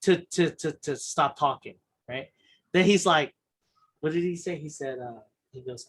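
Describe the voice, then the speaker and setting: A man's voice: a little high, normal speed, fairly bright tone, breathy edge. A man hosting a podcast, telling a long story in casual chat, rambling with many restarts and fillers, blunt and profane. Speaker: podcast host.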